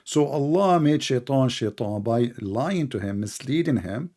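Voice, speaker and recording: A man with a non-native accent debating heatedly, mocking his opponent and interrupting, then slowing down to make his point. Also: medium pitch, animated, mellow. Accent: non-native English. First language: not English. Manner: mocking, interrupting, slows down to explain. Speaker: Christian debater.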